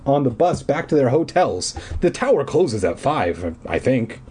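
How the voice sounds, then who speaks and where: Calm reassuring big sister, read by a man. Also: mid-range voice, unhurried, a little hiss or hum, voice pushed up. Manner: reassuring, a bit teasing. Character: girl, calm older sister, teasing.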